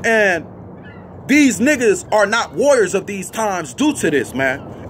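A man's voice: high-pitched, a little hiss or hum. A man preaching a fiery, blunt freestyle street sermon to camera, cussing freely and tagging lines with "you see what I'm saying" and "man.".

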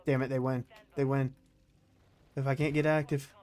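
A man giving excitable, swear-filled live commentary over his own online shooter match, trash-talking as he plays. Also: mid-range voice, normal speed, pauses often, soft background music. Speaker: gaming YouTuber.

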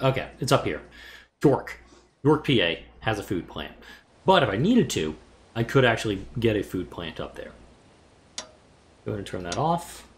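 Lively-voiced man thinking aloud while gaming. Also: on the low side, slight background noise. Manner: thinks aloud, muttering to himself while planning; casual, swears mildly. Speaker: let's play gamer. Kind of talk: casual gameplay commentary.

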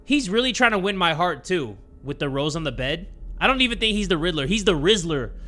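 A young man playing a horror game and commentating, joking, swearing and yelling when startled. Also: high voice, a little fast. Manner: excitable, joking, profane, yells when startled. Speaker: gaming video host. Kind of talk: let's play commentary.

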